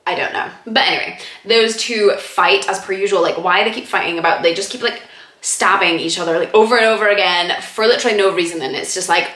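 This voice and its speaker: A woman's voice: mid-range voice, fast talker, fairly bright tone. A woman giving a casual spoken movie review, rambling and sarcastic, leaning hard on filler words and laughing mid-sentence. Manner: rambling and sarcastic, heavy on "like" and "freaking". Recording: echoey room.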